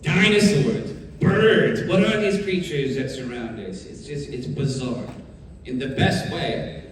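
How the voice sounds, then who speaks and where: A man answering fan questions on a convention panel in a jokey, animated way, laughing often. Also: fairly high pitch, takes it slowly. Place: large convention hall. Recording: echoey hall, distant mic, crowd and noise. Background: audience crowd.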